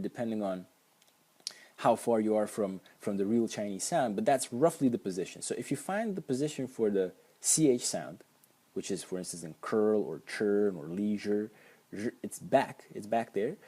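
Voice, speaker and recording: A man's voice: lowish voice, dark tone, slightly rough. A man teaching pronunciation at a whiteboard, patiently repeating sounds for the learner. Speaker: language teacher.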